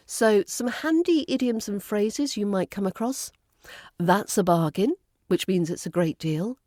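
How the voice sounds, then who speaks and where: A woman's voice: mid-range voice, unhurried, dark tone, no echo, studio quality. A woman with a British RP accent, an accent coach reading a scripted lesson and modelling phrases carefully. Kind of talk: scripted teaching narration.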